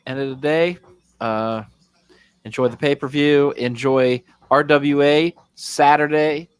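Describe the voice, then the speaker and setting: A man's voice: fairly high pitch, fairly even intonation, slow pace, clear, resonant tone, no echo. A man co-hosting a podcast, closing with plain, earnest remarks. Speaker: podcast co-host. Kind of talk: casual chat.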